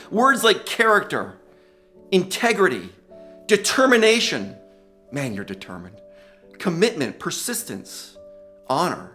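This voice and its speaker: Man with gray hair, commencement speaker, upbeat and enthusiastic, lively high voice, bright tone, faint guitar behind. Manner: upbeat, enthusiastic, laughs often. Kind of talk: motivational commencement speech. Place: large ceremony hall.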